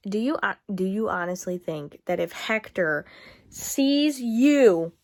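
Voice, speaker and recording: Young woman chatting at home about her book, unhurried talk, gets riled up and laughs. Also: medium pitch. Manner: chatty, animated, exasperated rants with laughs. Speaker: book vlogger. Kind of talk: casual reading-update vlog.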